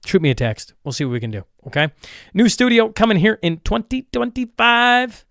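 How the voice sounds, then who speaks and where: A cheerful podcast host, pitched a bit high, rattling off sponsor plugs in a loose, chatty ramble. He often circles back to fix what he just said. The sound is close and dry, with no room around it. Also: big pitch swings, moderate pace, creaky, fairly bright tone, no echo. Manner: upbeat, rambling, restarts and self-corrections. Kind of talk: casual ad reads and show intro.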